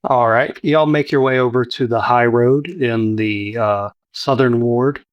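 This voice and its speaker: A man narrating a tabletop game as its game master, in a relaxed, descriptive way with many fillers. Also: medium pitch, measured pace, dry recording, muffled recording, faint music behind.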